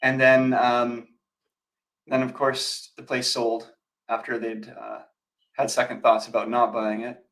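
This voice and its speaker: A man's voice: mid-range voice, completely flat delivery, a little slow, fairly bright tone, rough recording. A man co-hosting a real estate show in casual chat, rambling with fillers and restarts. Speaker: real estate agent, co-host.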